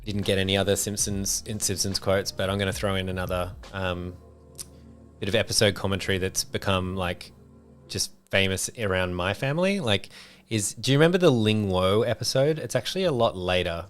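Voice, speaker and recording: A man's voice: low-pitched, brisk, soft background music. A man hosting a design livestream, telling rambling stories with lots of fillers in casual chat. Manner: rambling storyteller, many fillers. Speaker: livestream host.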